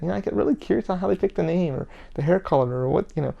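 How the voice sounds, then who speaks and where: A man talks through his own podcast on his own, loose and rambling, dropping curses and acting out what friends told him. His voice sits a little high for a man and has a gravelly, fried edge. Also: dark tone. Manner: rambling, profane, quick to act out quoted friends. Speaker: podcast host. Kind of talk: casual solo podcast monologue.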